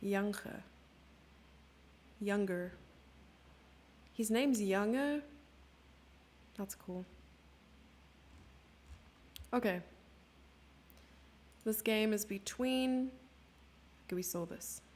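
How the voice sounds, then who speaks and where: A woman's voice: fairly high pitch, takes it slowly, long pauses, darkish tone. A woman streamer giving chatty live chess commentary, thinking aloud and sometimes dropping into a whisper.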